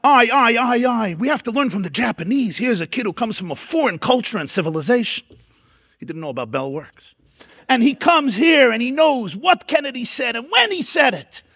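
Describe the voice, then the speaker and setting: A man's voice: extremely high pitch, sing-song, fairly quick, a bit bright, slightly rough, no echo, studio quality. A man, a rabbi, giving a storytelling keynote lecture at a dinner event, emphatic and building up lists.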